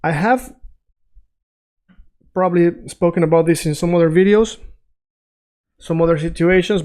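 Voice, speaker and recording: A man teaching Spanish in a casual freestyle lesson, checking in with his listeners often and repeating phrases slowly to drill them. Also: fairly high pitch, darkish tone. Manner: conversational, checks in often with "right?" and "all right?".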